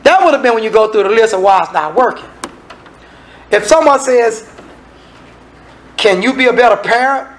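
A man delivers a sermon in a relaxed, colloquial way. He reads scripture, then breaks into casual asides to the congregation. He slips into the voices of the people he describes. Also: very high-pitched, normal speed, pauses often, rough recording. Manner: conversational, acts out the people in the scripture. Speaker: preacher.

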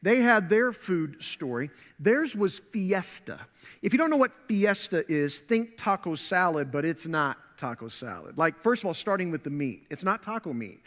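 A man preaching a sermon as pastor, telling a family story in a relaxed, conversational way with frequent fillers. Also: sits high, normal speed, big-room sound. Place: church sanctuary.

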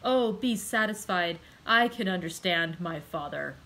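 A woman's voice: fairly low pitch, animated, unhurried, bright, forceful tone, exaggerated voice, rough recording. A woman voicing a rattled guilty magistrate. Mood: exclaiming. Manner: startled exclamations. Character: frightened, guilty older magistrate man.

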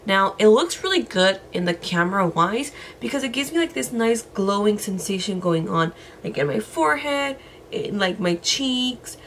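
A woman's voice: medium pitch, animated, normal speed, a bit bright. A woman with a scratchy voice giving a chatty skincare product review to camera, talking to her viewers in a casual, conversational way. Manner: chatty, lots of "like" and "you guys". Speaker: beauty vlogger.

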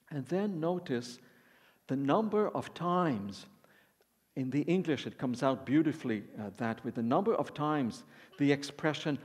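A man's voice: fairly high pitch, lively intonation, a little slow, darkish tone, breathy edge. A man preaching a sermon, reading scripture aloud and then explaining it verse by verse. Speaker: Bible teacher preaching. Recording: long reverb of a large hall.

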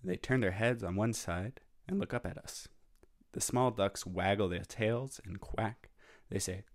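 A music teacher reading a picture book aloud to children, with sound effects made by mouth. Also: male voice, fairly low pitch, unhurried, dry recording, clean studio sound. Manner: plain storybook reading that acts out sound effects. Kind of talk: children's read-aloud and activity.

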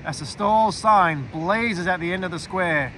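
Bright-voiced man narrating a fantasy audiobook. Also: high voice, measured pace, slight background noise, poor audio. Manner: expressive storytelling, drops to a quiet aside for inner thoughts.

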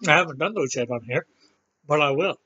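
A man's voice: on the high side, lively intonation, brisk, sharp tone, breathy edge, dull audio. A man reviewing a snack in a casual vlog, chatting easily and talking with his mouth full. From Canada. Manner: chatty, eats while talking.

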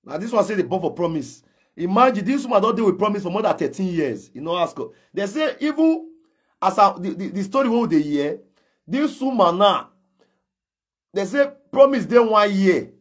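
A man with a Nigerian Pidgin English accent speaks at normal speed in a high, very animated voice with a breathy edge. In ranting social media gossip commentary, he confronts someone head-on, calling them out and challenging them directly.

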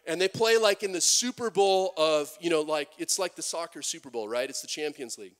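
A man preaching a sermon as pastor, animated, with many restarts and acted-out quotes. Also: on the high side, brisk.

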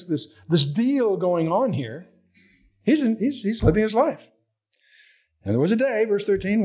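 An older man teaching verse by verse through a Bible book, conversational and animated, acting out the scenes he reads. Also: a little high, slightly rough.

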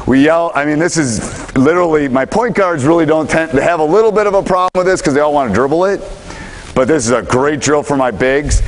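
A man coaching basketball players through a drill in a gym, giving brisk commands and explaining the teaching points. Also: on the high side, a little hiss or hum, low-quality recording. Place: gym during practice.

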